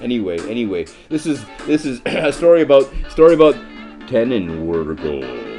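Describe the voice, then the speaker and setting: A man giving absurd chess commentary, stuffing his lines with rhyming nonsense fillers and jumping into squeaky falsetto yelps, with faint guitar music behind him. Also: sing-song, moderate pace, mellow.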